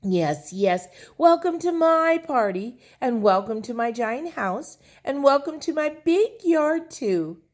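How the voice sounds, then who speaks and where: This is a spoiled, showy rich little girl from a storybook, voiced by a woman. She whines and shows off in a very high, bright voice. She speaks slowly and stretches her words. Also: lively intonation. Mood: showing off. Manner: whiny, showing off.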